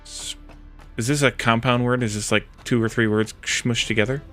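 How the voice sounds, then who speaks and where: A man's voice: medium pitch, steady tone, normal speed, a bit bright, soft background music. A man streaming a video game, chatting casually with viewers and thinking aloud as he plays. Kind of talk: casual let's-play commentary.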